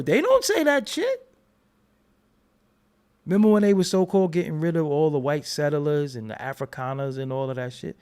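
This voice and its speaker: An American man hosting a commentary channel, talking in an animated, emphatic and profane unscripted rant. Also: a little high, moderate pace, long pauses. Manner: animated, emphatic, profane, talks over repeated restarts.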